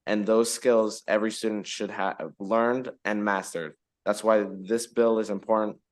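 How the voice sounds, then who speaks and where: A man's voice: on the low side, little pitch movement, measured pace. A fourteen-year-old boy reading prepared testimony to a legislative committee, with careful reading and small restarts. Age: teens. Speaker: student witness.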